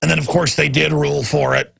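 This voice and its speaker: A man's voice: a little high, little pitch movement, fairly quick, creaky, fairly bright tone, breathy edge. A man hosting a talk radio show, rambling and emphatic, often repeating himself. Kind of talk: unscripted talk radio monologue.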